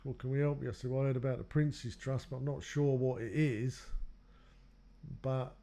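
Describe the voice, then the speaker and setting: A man's voice: medium pitch, flat delivery, normal speed, dark tone. A man telling his own life story in a loose, rambling way, acting out what others said to him. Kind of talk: personal storytelling.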